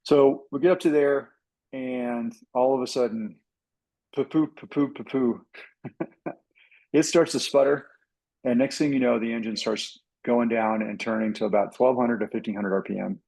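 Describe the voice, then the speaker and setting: Gravelly man telling a flying story. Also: mid-range voice, normal speed, low-quality recording. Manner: animated storytelling, acts out radio calls. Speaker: pilot and flight instructor. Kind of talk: casual talk to a pilots' club.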